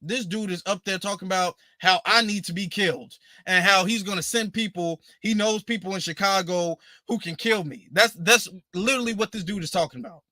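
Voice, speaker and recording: A man's voice: high voice, a little fast, hardly any pauses, pushed and bright, dry recording. A man hosting a livestream in a casual commentary style. He is emphatic and indignant and repeats his points. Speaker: livestream host.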